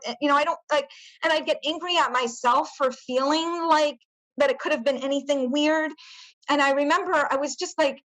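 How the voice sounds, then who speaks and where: A middle-aged woman appears as a podcast guest, giving personal testimony in an interview as she haltingly recounts a painful memory, full of fillers and restarts. Her voice is high with a fairly bright tone, and the recording quality is low.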